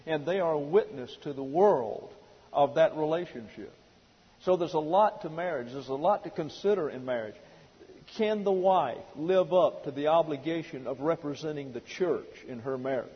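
A middle-aged man preaching a sermon, emphatic and slow on his key words, heard through a dull lo-fi recording in a reverberant hall. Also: a little high, slightly rough. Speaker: pastor.

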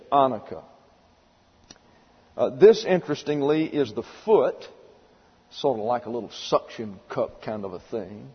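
A man's voice: medium pitch, slightly rough. Man teaching scripture in a reverberant hall. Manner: folksy storytelling and spelling words out. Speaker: Bible teacher. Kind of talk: sermon lecture. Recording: dull lo-fi recording with long hall reverb.

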